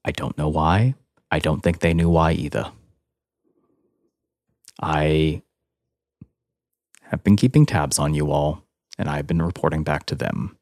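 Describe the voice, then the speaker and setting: A man voicing a steady paladin of the light in a tabletop game, his voice deep and level. He sounds close and dry, with no room behind him. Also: measured pace, long pauses, dry recording. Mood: calm. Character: earnest paladin of a light god, calm.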